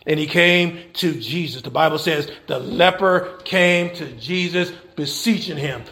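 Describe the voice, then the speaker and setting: A man preaching an animated sermon, high and gravelly, bright and edgy in tone. He drives points home with repeated rhetorical questions in a folksy church manner. The room rings with echo. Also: a little slow. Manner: folksy Southern American church phrasing.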